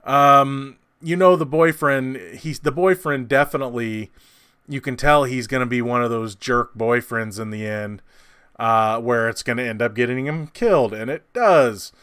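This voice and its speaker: Guy rambling through a movie review, smooth resonant voice, dry close mic. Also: mid-range voice, normal speed, a bit bright, no room sound. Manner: rambling, many fillers and restarts. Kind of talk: casual film review monologue.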